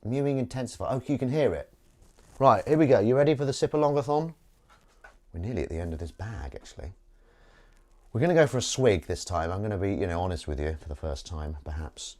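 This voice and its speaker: Deep-voiced man chatting over the dishes. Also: sing-song, quick pace, warm tone. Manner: chatty and rambling, jokey asides to viewers. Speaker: host washing dishes on a livestream. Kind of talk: casual chat while washing up. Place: home kitchen at the sink. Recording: dish clatter and water noise. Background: clinking dishes and cutlery.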